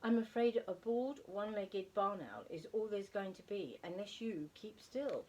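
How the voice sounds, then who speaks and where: A woman's voice: mid-range voice, normal speed, a little mellow, a little hiss or hum, voice pushed up, natural voice, low-quality recording. A woman voicing a sweet, kind young lady who draws in a sketchbook, in a storybook reading. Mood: gentle.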